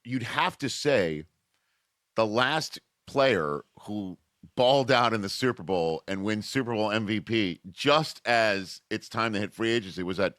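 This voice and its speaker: A man hosting a casual sports debate podcast, animated and riffing, often breaking off thoughts midway. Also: lowish voice, measured pace, no echo, clean studio sound. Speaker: sports talk host.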